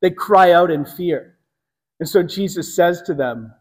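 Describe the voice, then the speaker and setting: Guy preaching a sermon, unhurried and emphatic, pretty high voice. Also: in a large hall. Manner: earnest teaching, slow and emphatic phrasing. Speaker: pastor.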